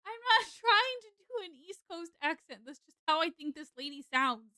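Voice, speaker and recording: A young adult woman streamer playing a game, reacting with profane, laughing, animated commentary. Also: very high-pitched, normal speed, no room sound. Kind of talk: let's play commentary.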